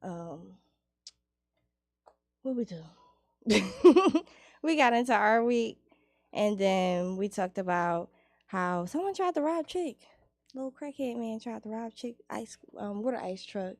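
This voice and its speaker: A woman hosting a radio show in a studio, chatting casually, laughing and reeling off plugs and shout-outs. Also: medium pitch, measured pace, no echo.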